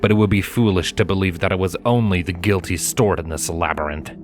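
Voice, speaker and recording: A man narrating a fanfiction chapter as an audiobook, in a steady, measured storytelling manner. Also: sits low, a little hiss or hum. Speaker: audiobook reader.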